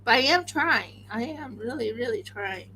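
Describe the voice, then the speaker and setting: A tired woman hosting a crafting livestream, chatting casually and excitably, often talking to herself as she works. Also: on the high side, normal speed, a little hiss or hum, low-quality recording. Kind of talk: casual chat while crafting.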